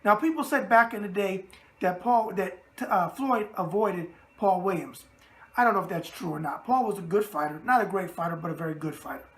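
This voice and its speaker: Raspy brash New York man. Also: sits high, brisk, a bit bright. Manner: brash, catchphrase-heavy, streetwise. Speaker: boxing show host. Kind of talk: casual boxing mailbag talk.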